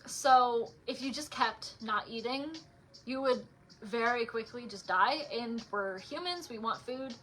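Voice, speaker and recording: A young woman chatting casually and reading her own poems aloud on a livestream, with lots of "like" fillers between softer, quieter poem readings. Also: on the high side, a little slow, slight background noise. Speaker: author reading her poetry.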